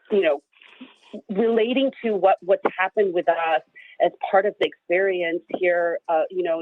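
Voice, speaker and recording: A woman guest on a radio show, speaking earnestly with many fillers, audibly emotional and near tears. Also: lowish voice. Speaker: guest, advocacy group director. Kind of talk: radio interview. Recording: thin phone line, dry.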